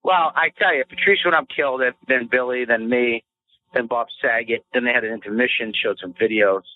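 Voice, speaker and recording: A man's voice: medium pitch, brisk. A male comedian talking brashly and profanely in casual radio banter. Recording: tinny phone-like radio audio.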